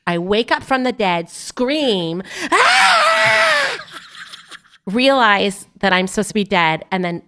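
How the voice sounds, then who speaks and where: A young adult woman telling a lively story to a host in a casual chat, laughing often. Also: mid-range voice, moderate pace, hardly any pauses, smooth. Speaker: guest. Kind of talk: casual anecdote.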